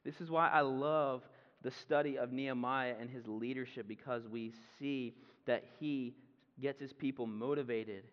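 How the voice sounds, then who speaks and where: A pastor giving a conversational sermon with casual asides. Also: male voice, medium pitch, steady tone, normal speed. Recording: muffled sound with long hall reverb.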